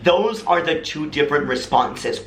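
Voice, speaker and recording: A man's voice: on the high side, expressive, measured pace, fairly bright tone. An American man talking casually to camera, telling stories animatedly and dramatically and switching into imitated voices. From United States. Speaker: vlogger. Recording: echoey room.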